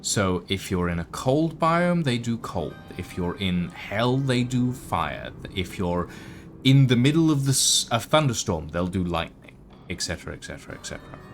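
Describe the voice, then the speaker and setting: A man narrating a tabletop game as game master, relaxed, with frequent fillers. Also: on the low side, moderate pace. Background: background music.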